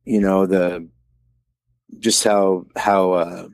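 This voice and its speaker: A man from the American Midwest in a casual discussion, talking in a halting way as he searches for words. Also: low voice, little pitch movement, no echo.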